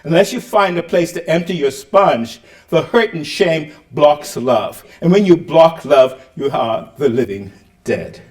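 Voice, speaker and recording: Animated man lecturing in an echoey hall. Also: on the high side, a little slow. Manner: animated, rhetorical questions, acts out quotes. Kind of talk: public lecture. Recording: roomy hall, mic at a distance.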